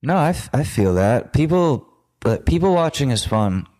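A man in his twenties trading jokes on a podcast, with a lively voice that moves a lot in pitch. He plays along easily and slips into mock voices for a laugh. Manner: joking, playful, quick to play along. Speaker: podcast co-host. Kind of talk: casual chat.

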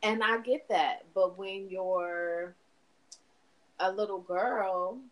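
A woman's voice: mid-range voice, fairly even intonation, slow, low-quality recording. A woman in casual chat, talking candidly with frequent swearing and laughter. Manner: candid and profane, laughing often.

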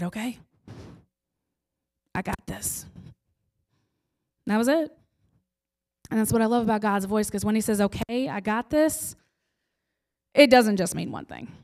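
Earnest woman telling a faith testimony. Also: medium pitch. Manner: earnest storytelling that drops to near-whispers; intense and heartfelt, with dramatic pauses. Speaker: speaker giving a personal testimony. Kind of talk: emotional personal testimony.

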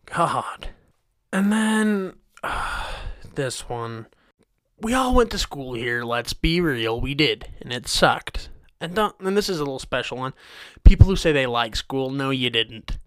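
A man's voice: mid-range voice, animated, measured pace, fairly bright tone, clear, resonant tone, dry recording. Exasperated swearing man, dry sound. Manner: exasperated, swearing, mock-angry outbursts. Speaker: host of a comedy rant show. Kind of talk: profane comedic rant.

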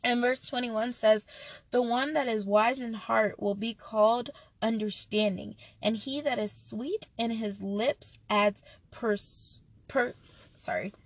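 A woman's voice: fairly high pitch, steady tone, takes it slowly, dry recording. A woman giving an earnest, chatty devotional talk and reading scripture aloud, often restarting her sentences. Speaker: devotional speaker.

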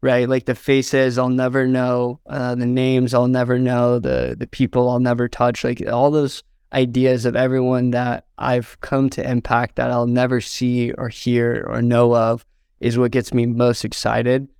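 Young male guest, earnest storyteller, slight fry, dry close recording. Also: medium pitch, completely flat delivery, a little slow, darkish tone, dry recording. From southern Indiana, US. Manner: earnest, fills with "like" and "um", gets choked up. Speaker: interview guest, videographer. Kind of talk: heartfelt storytelling in a podcast interview.

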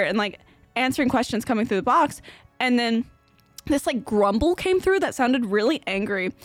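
A woman's voice: on the high side, fairly quick, no room sound, soft background music. A young woman co-hosting a podcast, telling a ghost story in a rambling, casual way with lots of fillers and laughter. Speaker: podcast co-host.

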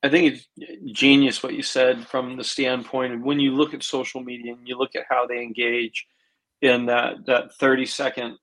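A man chats on a coaching podcast, circling around his thoughts with many fillers and restarts. His voice sits at an ordinary middle pitch. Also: flat delivery, moderate pace, a bit bright, rough recording. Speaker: swim coach, podcast co-host. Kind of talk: casual podcast chat.

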